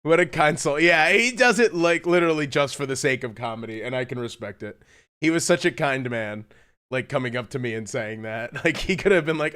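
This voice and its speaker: A man streaming live, telling a story in animated casual chat, laughing often and swearing. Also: mid-range voice, fairly quick, clean tone.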